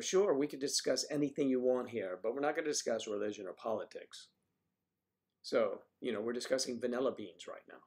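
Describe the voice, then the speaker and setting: A man's voice: medium pitch, moderate pace, creaky, darkish tone. A man hosting a casual livestream, musing aloud and joking as he reads out viewer comments. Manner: rambling, joking. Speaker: livestream host.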